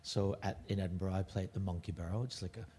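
A man's voice: low voice, fairly even intonation, racing, dark tone, breathy edge. A middle-aged man, a touring stand-up comedian, chatting casually as a podcast guest and rambling with restarts and self-corrections.

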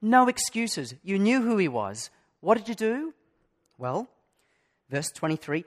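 A middle-aged man preaches in an earnest, searching way, putting question after question to his congregation. His voice sits fairly high for a man. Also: sing-song, unhurried. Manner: earnest, asks the listeners many direct questions. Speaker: pastor. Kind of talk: sermon.

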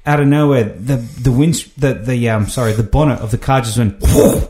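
A man's voice: medium pitch, fairly quick, mellow, reverberant. A man chatting casually, laughing and acting out quoted lines. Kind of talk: casual storytelling chat.

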